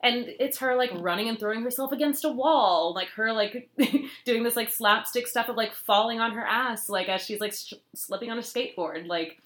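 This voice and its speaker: A woman co-hosting a podcast, chatty and quick to laugh, peppering her talk with "like". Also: a little high, fairly bright tone. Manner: chatty, many "like"s, laughs often. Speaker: podcast co-host. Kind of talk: casual chat.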